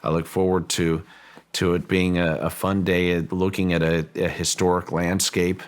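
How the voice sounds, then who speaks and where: A middle-aged man, a property owner, recounting a personal story in an interview, halting and repeating words as he thinks. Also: low-pitched, flat delivery.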